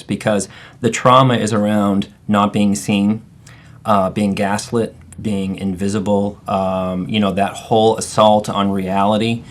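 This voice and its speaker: A man hosting, explaining trauma patterns in a thoughtful, searching way after a role-play. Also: fairly low pitch. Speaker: therapist and host. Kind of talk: reflective teaching talk.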